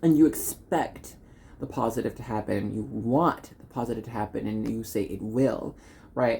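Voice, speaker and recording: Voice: mid-range voice, normal speed, vocal fry, mellow, a little hiss or hum. Tarot reader from Dallas, Texas: chatty, encouraging reading, loose and rambling.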